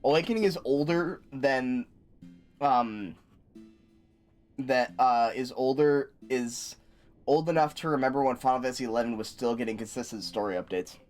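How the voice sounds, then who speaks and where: A man's voice: medium pitch, moderate pace, darkish tone, faint music behind. A man casually commenting on a game he streams, chatty and stumbling as he reads menus aloud. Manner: chatty, stumbles and restarts, swears when surprised.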